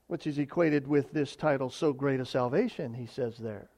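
A man preaching a sermon, swinging from loud emphatic declarations to quiet, quick asides while reading scripture. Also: medium pitch. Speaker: pastor.

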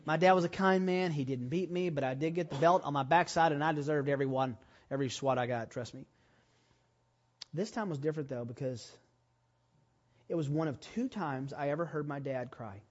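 A man preaching a sermon, telling a personal story and rising to loud, emphatic preaching. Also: fairly high pitch, a little fast, highs cut off. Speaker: pastor.

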